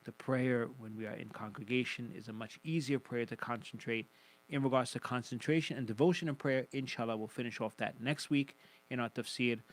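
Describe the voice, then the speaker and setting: A man's voice: mid-range voice, poor audio. A man teaching Quran commentary on the radio, explaining emphatically and quoting Arabic recitation. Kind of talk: radio religious lesson.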